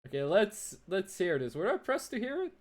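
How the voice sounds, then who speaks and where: A man's voice: sits high, huge pitch swings, brisk. A young man streaming a game, chatting playfully with his chat and teasing them while he plays.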